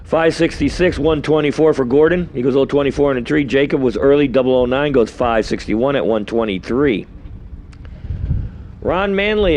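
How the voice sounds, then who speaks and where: Live at an outdoor drag strip, a man with a New York accent announces race results in a medium-pitched, darkish voice, with slight background noise. He's talkative and wanders off on asides between runs.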